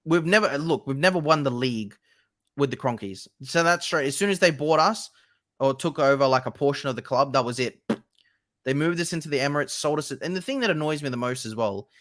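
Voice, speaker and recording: A man's voice: a little high, expressive, fairly quick, a bit bright, dry recording. Fired-up ranting young man, dry sound. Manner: passionate, ranting, swears freely. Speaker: host. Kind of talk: casual chat about football.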